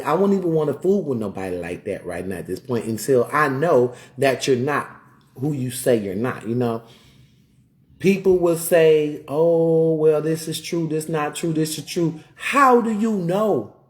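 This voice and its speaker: Here the ranting streamer's mid-range voice comes across a little mellow. The commentary is still heated and emphatic, looping back over the same points, throwing out rhetorical questions, and stopping mid-rant to say hello to people watching.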